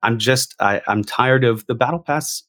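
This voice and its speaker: Emphatic mid-pitched man venting. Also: moderate pace. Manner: animated and emphatic, repeats words for emphasis. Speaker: guest gamer. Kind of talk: casual discussion.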